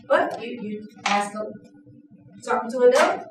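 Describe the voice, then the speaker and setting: A woman trainer leading an interactive classroom lesson, lively and playful, acting out examples. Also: fairly high pitch, a little slow, pauses often, background noise. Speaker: workshop trainer. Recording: echoey room from a distance.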